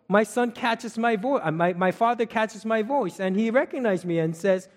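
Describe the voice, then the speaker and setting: Man, middle-aged, pastor, sermon, high voice, earnest, conversational. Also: normal speed, few pauses. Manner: earnest, conversational preaching with rhetorical questions. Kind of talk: sermon with a personal story.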